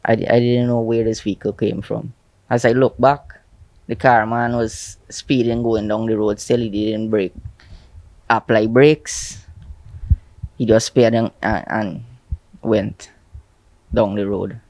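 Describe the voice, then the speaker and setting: A man's voice: lowish voice, level tone, dry recording. Shaken young Guyanese man, dry sound. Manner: shaken, halting eyewitness account, often going quiet. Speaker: eyewitness friend. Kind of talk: news interview.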